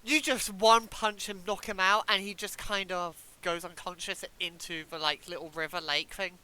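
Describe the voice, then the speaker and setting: A woman's voice: fairly low pitch, steady tone, normal speed, sharp tone, clean tone, low-quality recording. A woman acting as game master, casually narrating a tabletop game and laughing along with her players. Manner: casual, laughing, describes scenes loosely. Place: home, streamed live.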